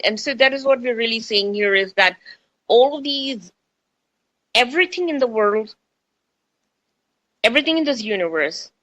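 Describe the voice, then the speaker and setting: A woman's voice: a little high, pushed and bright. A middle-aged woman with an Indian accent hosts a spiritual talk radio show, chatting freely and repeating phrases for emphasis. She speaks close to a studio microphone, and her voice sounds dry with no room echo.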